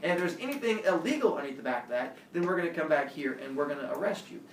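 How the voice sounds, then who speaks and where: A man's voice: a little high, lively intonation, very fast, a little hiss or hum, close to an everyday voice. A man voicing a stern male police officer who lays out options patiently, step by step, in an echoey room far from the mic. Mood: stern, matter-of-fact.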